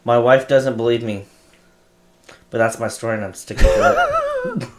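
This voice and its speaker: A man's voice: medium pitch, huge pitch swings, normal speed, crowd noise. A man in a casual chat among friends, teasing dryly and telling dad jokes.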